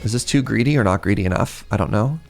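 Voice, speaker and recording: A man giving casual, excitable commentary while streaming a video game and chatting with his viewers. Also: fairly low pitch, fast talker, creaky, faint music behind. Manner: excitable, chatty, talks to chat.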